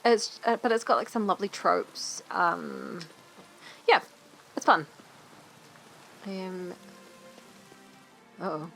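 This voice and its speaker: Lower-voiced woman narrating game menus. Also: expressive, slow, gravelly, long pauses, a bit bright, soft background music. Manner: reads tutorial text, dry quips. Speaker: let's play co-host. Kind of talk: casual gameplay chat.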